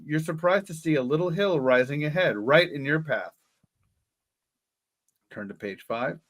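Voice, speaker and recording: A man's voice: a little high, a bit bright. A middle-aged man co-hosting a live podcast, reading an adventure gamebook aloud with frequent jokes and laughter. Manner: jokey, laughs often, ad-libs. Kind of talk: comedic live read-along.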